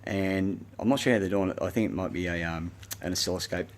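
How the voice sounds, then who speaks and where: Speaking quickly in a low, fairly even voice, an Australian man rants at the camera in a self-recorded monologue. He's agitated and profane, wandering from point to point.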